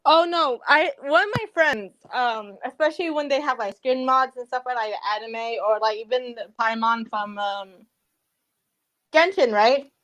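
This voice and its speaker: A woman's voice: high voice, unhurried, a bit bright, low-quality recording. Giggly, rambling young woman. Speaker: podcast guest. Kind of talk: casual chat.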